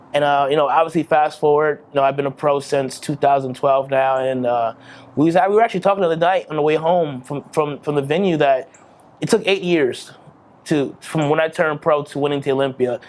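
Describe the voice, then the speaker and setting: A somewhat higher-voiced man in his thirties speaks in a candid, heartfelt interview. He talks earnestly and emotionally, drops casual swear words, and often stops and restarts his sentences. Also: steady tone, a little fast. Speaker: bodybuilding champion interviewee. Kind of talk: candid post-victory interview.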